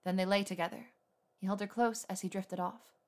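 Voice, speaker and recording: A woman reader narrating a romance story in a steady, intimate way. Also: mid-range voice, a little fast. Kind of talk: scripted fan fiction narration.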